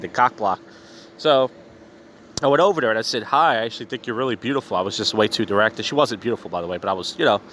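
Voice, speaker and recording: A man's voice: mid-range voice, fairly bright tone. A man with a mid-range voice hosts his podcast outdoors, a little tipsy and slurring slightly as he talks. His delivery is blunt and profane, full of bitter venting in a loose storytelling style. Faint street traffic hums in the background. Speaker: podcast host. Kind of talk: casual storytelling monologue. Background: faint street and traffic noise.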